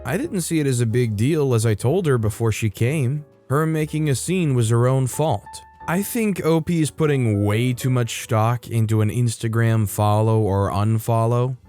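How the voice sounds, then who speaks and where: A man's voice: medium pitch, normal speed, hardly any pauses, warm tone, faint music behind. A man hosting a storytelling channel, reading online stories aloud and adding casual, opinionated comments between them.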